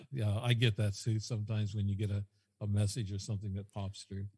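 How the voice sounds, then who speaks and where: A man's voice: lowish voice, level tone, a little fast, a little mellow, slightly rough, big-room sound. A man as a podcast guest, telling a rambling story that repeats itself and quotes whole conversations. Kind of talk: casual storytelling.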